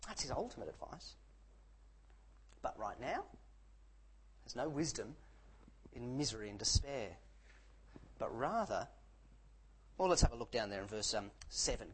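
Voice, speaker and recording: A man preaching a sermon in an animated, jokey way, with sarcastic asides. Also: medium pitch, measured pace, pauses often, husky, low-quality recording.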